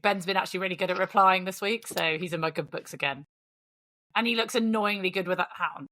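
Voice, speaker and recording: A woman's voice: on the low side, fast talker, sharp tone. Teasing, dry woman host. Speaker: podcast host. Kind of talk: casual chat.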